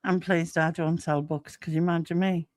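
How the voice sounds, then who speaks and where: A woman's voice: on the low side, fairly even intonation, moderate pace, darkish tone, no echo, clean studio sound. A woman with a Northeast English accent hosting a casual livestream chat, laughing readily and poking fun at herself. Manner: laughs readily, self-mocking. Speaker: host.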